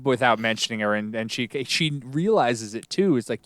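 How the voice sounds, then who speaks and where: A man hosting a podcast in casual chat, relaxed and chuckling as he retells scenes. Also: medium pitch, normal speed, no echo. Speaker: podcast host.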